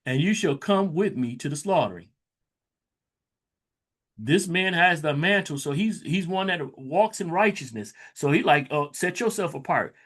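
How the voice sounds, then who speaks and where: Animated man teaching from scripture. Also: a little high. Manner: reads verses slowly, then breaks into loose conversational asides. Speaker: Bible teacher. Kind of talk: scripture reading with casual commentary.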